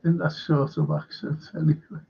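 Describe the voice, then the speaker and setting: Male stream host, husky and raised in pitch, profane, rambling, reading out comments, dull audio. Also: flat delivery, moderate pace. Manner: profane, rambling, reads viewer comments aloud. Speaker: livestream host. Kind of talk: casual fan livestream chat.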